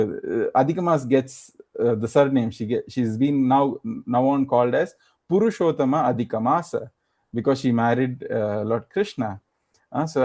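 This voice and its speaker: A man preaches by retelling a sacred story, pausing on fillers and slipping into the characters' words. His voice is mellow and relaxed, sitting at an ordinary middle pitch for a man. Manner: retells scripture as a story, acting out quoted lines, many fillers. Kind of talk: storytelling sermon.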